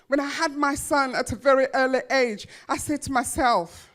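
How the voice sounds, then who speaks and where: A woman giving a motivational speech to an audience, telling her life story with emphatic, dramatic pauses and repeated phrases. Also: high-pitched, fairly bright tone. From grew up in a children's home. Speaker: motivational speaker.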